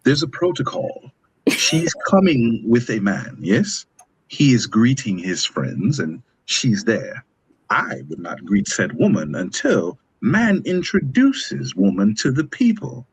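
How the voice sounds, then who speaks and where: A man's voice: medium pitch, big pitch swings, slow, breathy edge, rough recording. A man with an African American accent from the East Coast, debating on a casual panel in emphatic, playful mock-formal phrasing. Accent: African American English. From East Coast of the United States.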